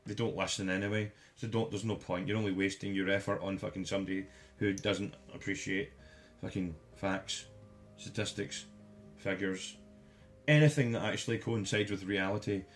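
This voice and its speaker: Man, low-pitched, angry, sweary, insulting, soft music underneath. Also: steady tone, normal speed. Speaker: commentary vlogger. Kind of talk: profane rant commentary.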